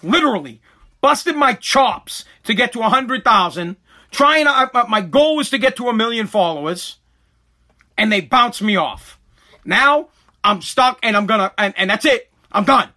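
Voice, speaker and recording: Fuming, bright-voiced man ranting. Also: high voice, expressive, moderate pace. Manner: ranting, repeats himself, swears. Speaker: content creator. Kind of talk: angry rant to camera.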